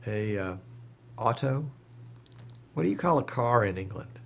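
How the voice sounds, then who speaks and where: A man's voice: medium pitch, animated, a little slow, creaky. A man hosting a live stream, reading viewer comments aloud and answering them off the cuff in casual chat.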